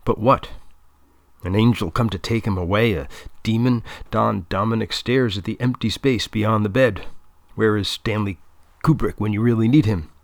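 A man reading a story aloud as narrator in a measured, deadpan manner. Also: on the low side, no room sound.

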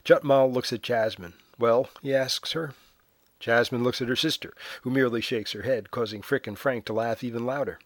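A man's voice: mid-range voice, animated, normal speed, no room sound. A man reading a novel aloud as a narrator, wry and lightly voicing each character. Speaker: audiobook narrator. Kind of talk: scripted narration with character voices.

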